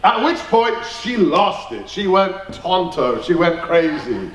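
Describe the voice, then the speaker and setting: A man's voice: sits high, sing-song, takes it slowly, hardly any pauses, crowd noise. A man giving an emphatic rally speech to a party meeting, telling jokey anecdotes. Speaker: guest speaker at a party meeting. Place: meeting hall. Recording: roomy hall, distant mic.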